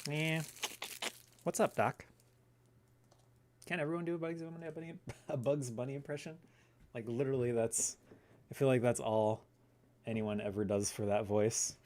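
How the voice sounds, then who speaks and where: A man's voice: mid-range voice, steady tone, normal speed, darkish tone, slight background noise. A man in his thirties hosting a livestream, rambling casually and answering viewers' questions. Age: 30s. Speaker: livestream host. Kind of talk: casual chat on a gaming livestream.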